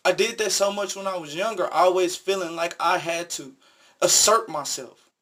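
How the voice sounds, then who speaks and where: A man's voice: high voice, moderate pace, pushed and bright. A man vlogging, telling a personal story in an earnest, emphatic, repetitive way. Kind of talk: casual storytelling monologue.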